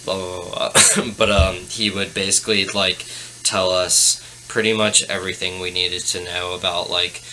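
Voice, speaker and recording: A man's voice: low voice, level tone, normal speed, bright, forceful tone, low-quality recording. A young man as a podcast guest, chatting hesitantly with many fillers. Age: young adult. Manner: hesitant, lots of fillers and restarts. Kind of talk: casual chat. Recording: faint background noise.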